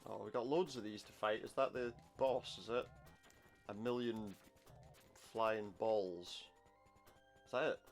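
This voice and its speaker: A man with a lowish voice plays a retro game and comments casually at a measured pace, pausing often, with game music behind him. He cracks wry jokes and mutters asides under his breath.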